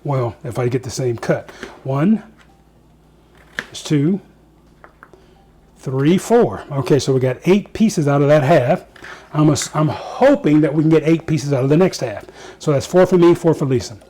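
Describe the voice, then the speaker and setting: A man's voice: on the high side, lively intonation, unhurried, pauses often, mellow, slight background noise. Chatty man hosting a home cooking show. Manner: chatty, self-joking, talks to viewers while cooking. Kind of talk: casual cooking demonstration. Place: home kitchen.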